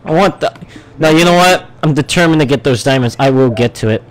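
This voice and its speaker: A man's voice: a little high, a little fast. A man streaming a survival game live, chatting to himself, swearing and yelping at what happens on screen. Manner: excitable, swearing, yelps and laughs at the game. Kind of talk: live gameplay commentary.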